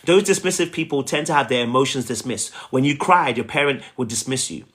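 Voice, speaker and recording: A man's voice: mid-range voice, fairly quick, fairly bright tone. A man giving a relationship coaching talk, emphatic and repetitive, often checking in with "okay?" and "right?".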